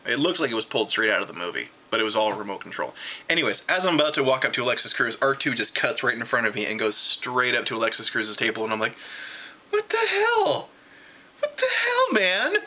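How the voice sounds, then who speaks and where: A tired man at home, rambling excitedly through a casual convention recap with lots of restarts. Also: fast. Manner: jumps high in pitch when retelling his reactions. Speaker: vlogger reviewing a convention.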